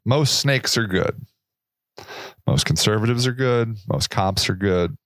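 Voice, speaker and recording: A man's voice: fairly low pitch, a little slow, fairly bright tone, no echo, studio quality. A man hosting his own podcast, talking alone in a rambling, sarcastic way and laughing at his own jokes. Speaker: podcast host. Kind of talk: casual monologue.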